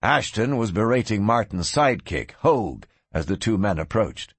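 A man narrates a western audiobook in a measured storytelling style. His voice is husky with a lively, expressive pitch, recorded dry and close. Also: no room sound. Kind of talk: scripted narration.

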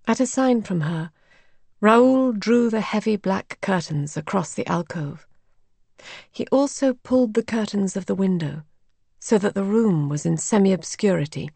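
A woman narrating a story in a measured, even way. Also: medium pitch, vocal fry, dry recording.

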